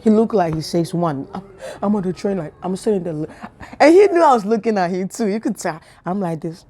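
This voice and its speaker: A woman's voice: medium pitch, lively intonation, fairly quick, mellow. A woman giving a casual spiritual talk to camera, telling chatty stories with laughs and whispered asides. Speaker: spiritual vlogger.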